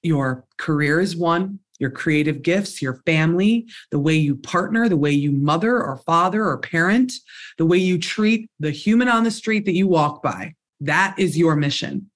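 Effusive, excitable podcast host. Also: mid-range voice, normal speed. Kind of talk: podcast interview.

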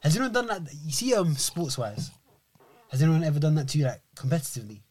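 Young guy, talks fast, slightly high voice, teasing. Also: sing-song, a little mellow, slightly rough. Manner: fast-talking, teasing, interrupts. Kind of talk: casual chat.

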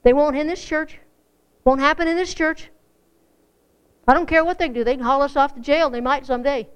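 A woman's voice: high voice, steady tone, a little fast. A woman preaching a folksy, earnest sermon to a congregation, rising to fervent emphasis. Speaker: church speaker.

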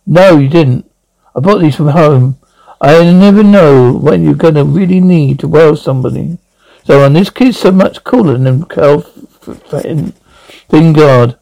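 A man with a fairly high but dark, mellow voice and a gravelly edge. He hosts a comedy podcast, retelling scenes in a loose, jokey way and reading out stage directions as he goes. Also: lively intonation, a little slow, rough recording. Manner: scattered, jokey, reads out stage cues. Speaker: podcast host. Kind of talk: comic recap acting out scenes.

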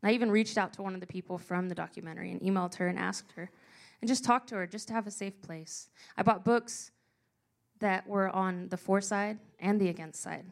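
A young woman telling a personal story to a live audience, earnest and emotional, slowing down for emphasis. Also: medium pitch, vocal fry. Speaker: speaker sharing a personal story.

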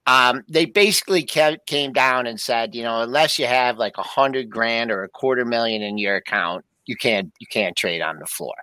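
An older man co-hosting a markets show, telling an old trading story in a casual, animated way. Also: mid-range voice, moderate pace, hardly any pauses, dry recording. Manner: storytelling, animated when quoting. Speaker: co-host. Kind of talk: casual chat.

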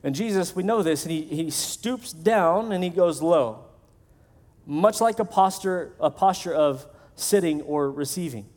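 A man's voice: a little high, lively intonation, measured pace, darkish tone. A male pastor preaching a sermon in a conversational way, acting out the voices of the people he quotes.

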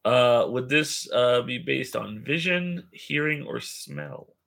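A man's voice: medium pitch, slow pace, creaky, fairly bright tone. A man playing in an online tabletop game, asking rules questions and making wry jokes. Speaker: player. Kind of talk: casual chat during a tabletop game.

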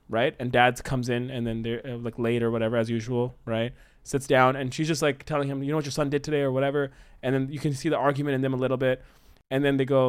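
A man brainstorming a story idea in casual conversation, acting out his characters' lines as he pitches them. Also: smooth. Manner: animated, acts out characters' lines mid-pitch.

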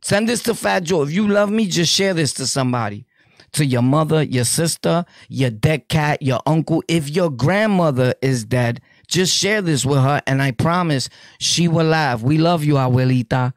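A man with a New York accent tells prison stories to camera in a casual, joking way, laughing often and using heavy street slang. His voice is on the high side and his pace measured. The studio-quality audio has no room sound.

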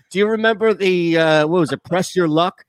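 A man co-hosting a sports radio show, telling long, animated stories in casual talk. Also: sits high, moderate pace, clean tone, no room sound. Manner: rambling, animated storyteller.

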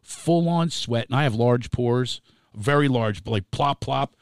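A middle-aged man, a comedian guest on a podcast, telling an animated anecdote and laughing between lines. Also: mid-range voice, a little slow, clear, resonant tone, no echo, clean studio sound. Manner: animated, acts out voices, laughs through his lines.

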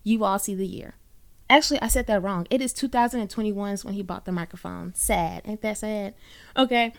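A woman's voice: medium pitch, fairly quick, gravelly. A woman hosting a short encouraging podcast, talking earnestly to listeners and saying y'all often. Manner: earnest, warm-hearted, uses y'all and folksy phrasing. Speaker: podcast host. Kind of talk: encouraging faith podcast monologue. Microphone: own microphone.

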